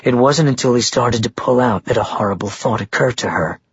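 A man narrating a romance novel in a steady, even storytelling read. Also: medium pitch, a little fast, breathy edge, no room sound, dull audio. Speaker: audiobook narrator.

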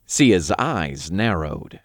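A man reading a first-person story as narrator in an even, unhurried way. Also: low-pitched, no echo, clean studio sound.

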